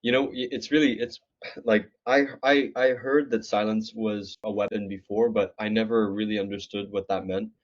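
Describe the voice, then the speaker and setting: A man taking part as a guest student, speaking in a halting way as he searches for words in casual conversation. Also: on the low side, flat delivery. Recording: dull lo-fi audio.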